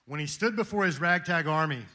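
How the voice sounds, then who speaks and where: A man's voice: fairly high pitch, fairly quick, pushed and bright. A man giving an impassioned Christian motivational speech to a room of men, rousing and quoting famous speeches. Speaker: speaker at a men's gathering. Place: meeting room with an audience.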